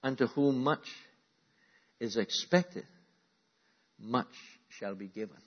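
A man preaching a sermon to a congregation, calling out to the room and moving between loud emphatic lines and quiet asides. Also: medium pitch, takes it slowly, highs cut off. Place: church.

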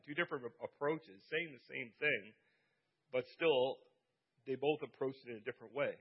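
A man's voice: mid-range voice, moderate pace, slightly rough. A man preaching a sermon. He reads a scripture passage aloud and stops often to explain it in plain, casual speech. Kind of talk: sermon reading scripture with asides. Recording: dull lo-fi sound.

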